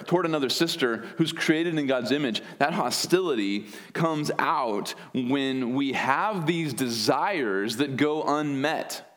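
Male pastor, mid-pitched, earnest verse-by-verse sermon delivery. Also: fairly bright tone. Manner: earnest teaching with word studies and wry asides. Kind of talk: expository sermon.

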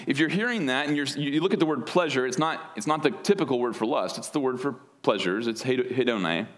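A man's voice: mid-range voice, a little fast. A man preaching an earnest expository sermon, explaining word meanings with wry asides. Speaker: pastor.

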